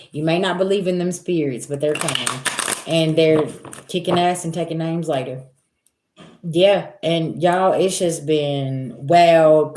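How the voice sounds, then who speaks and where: A Black woman with a fairly low voice runs a spiritual reading livestream from her home. She speaks directly to viewers in a lively, casual way, repeatedly saying "listen" and "okay," and the audio sounds roomy and echoey.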